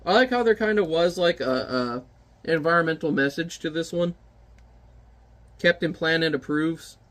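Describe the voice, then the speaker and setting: High-voiced man, chatty comic reviewer. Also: normal speed, a bit bright. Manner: wry, chatty, offhand remarks. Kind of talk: casual commentary.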